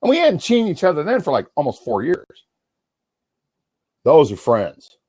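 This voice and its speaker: A man from Washington State in a rambling, profane livestream rant, swinging between mumbling and yelling. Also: a little high, huge pitch swings, moderate pace, slightly rough, dry recording.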